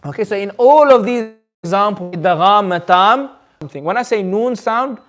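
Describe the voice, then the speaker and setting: A man's voice: high voice, lively intonation, moderate pace, fairly bright tone. A man teaching a Quran recitation class in a community centre, patiently quizzing his students and modelling the sounds aloud. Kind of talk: classroom lesson.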